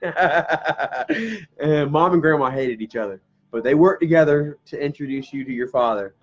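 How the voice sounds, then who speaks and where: A man's voice: on the high side, animated, unhurried, soft background music. Man close to tears, rambling family story. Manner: rambling, tearful, laughing through tears, swears casually. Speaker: vlogger. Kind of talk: emotional personal storytelling to camera. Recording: dull lo-fi camera audio.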